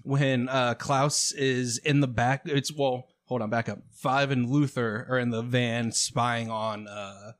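A man's voice: medium pitch, fairly even intonation, slow, few pauses. A man co-hosting a casual podcast chat, laughing often and animatedly retelling scenes. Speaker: podcast co-host.

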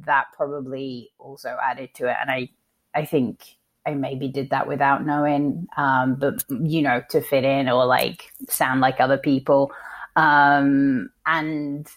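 A woman speaks in a low voice with an accent that blends London, Northern English and Australian sounds. She talks casually and laughs a lot, often acting out what other people said. She is a guest on a remote podcast call. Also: flat delivery, measured pace. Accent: mixed British, Northern English and Australian. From England (London). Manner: chatty, laughs often, acts out quoted voices. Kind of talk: casual interview chat.

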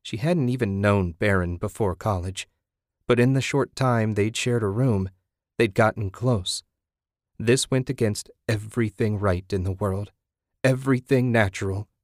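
A male narrator with a lowish voice reads a story in steady, measured scripted narration. The recording is dry and close, with no room sound. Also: no room sound. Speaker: audiobook narrator.

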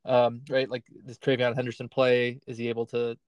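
A man's voice: medium pitch, completely flat delivery, brisk, a little mellow, clear, resonant tone, dry recording, highs cut off. Man chatting casually, dry close sound. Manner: conversational, hedging with "right?" and "like". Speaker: fantasy football podcast co-host. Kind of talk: casual chat.

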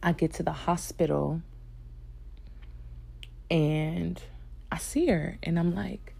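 A young woman telling a personal story in a soft-spoken, hesitant way, with many fillers and restarts. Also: on the low side, takes it slowly, creaky, long pauses, slightly rough. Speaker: vlogger sharing a personal story.

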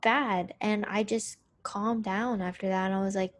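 A young adult woman co-hosting a podcast, telling a personal story in a candid, profane, animated way. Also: mid-range voice, unhurried. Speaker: podcast co-host. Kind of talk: casual storytelling chat.

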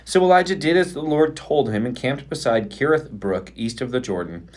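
Male pastor, expressive Bible reader, lively sing-song delivery, playful. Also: mid-range voice, moderate pace. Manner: expressive reading aloud, playful banter. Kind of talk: podcast Bible reading and chat.

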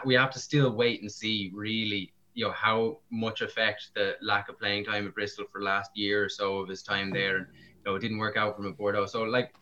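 A man's voice: lowish voice, sharp tone. A man chatting casually about rugby, with lots of fillers. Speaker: podcast co-host. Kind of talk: casual sports chat. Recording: dull lo-fi sound.

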